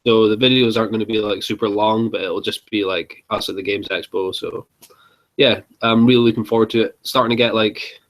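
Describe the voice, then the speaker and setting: A young man, co-hosting a casual board game live chat, chatty and quick to laugh, with lots of fillers. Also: on the low side, steady tone, rough recording.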